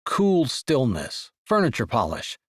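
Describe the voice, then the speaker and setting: Male audiobook narrator; animated, dry close studio sound. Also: mid-range voice, measured pace, slightly rough, no room sound. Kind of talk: scripted romance narration.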